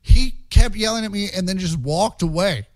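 A man telling profane, animated stories as a comedian guest in a casual interview. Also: high voice, moderate pace, no echo.

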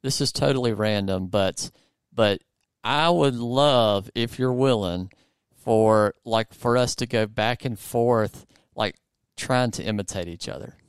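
A man with a Southern US accent hosts a relaxed interview, talking in loose, filler-heavy sentences. His voice sits low and comes across smooth and clear. The sound is dry and close. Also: measured pace, no room sound. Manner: rambling, filler-heavy, lots of "like". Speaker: podcast host. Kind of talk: casual conversational interview.

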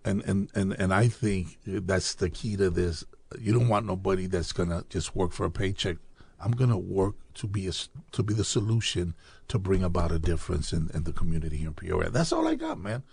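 Gravelly low-voiced man telling his story. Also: brisk, no echo. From Chicago. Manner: animated storyteller acting out quoted dialogue. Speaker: podcast guest. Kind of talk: casual storytelling interview.

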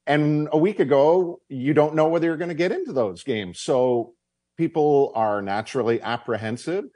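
A man's voice: a little high, normal speed, mellow, dry recording. A man hosting a sports radio show, chatty and promotional as he plugs the evening game. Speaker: radio and TV hockey broadcaster, host. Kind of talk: casual sports radio talk.

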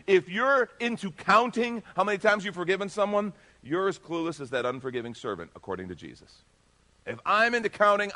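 A man preaching a sermon in a somewhat high voice. He is animated and emphatic, pushing some phrases out loudly and dropping others to a hush. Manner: animated and emphatic, swinging between loud bursts and hushed asides. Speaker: pastor.

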